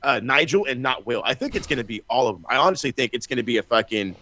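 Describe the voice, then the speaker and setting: A man co-hosting a wrestling podcast in casual chat, telling stories in an animated, profane way with lots of restarts. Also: mid-range voice, fast. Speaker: podcast co-host.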